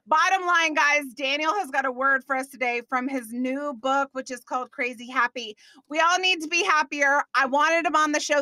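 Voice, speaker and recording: A woman's voice: sits high, normal speed, pushed and bright, no room sound, studio quality. A woman hosting a podcast, chatting with a guest in an upbeat, enthusiastic way and laughing often. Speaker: podcast host. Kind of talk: upbeat interview chat.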